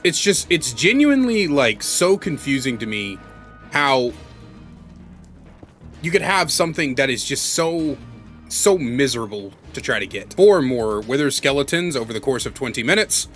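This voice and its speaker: A man's voice: mid-range voice, fairly bright tone. A man giving casual, rambling commentary as he plays a block-building game, sometimes yelping and pleading in panic. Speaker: Minecraft let's play host.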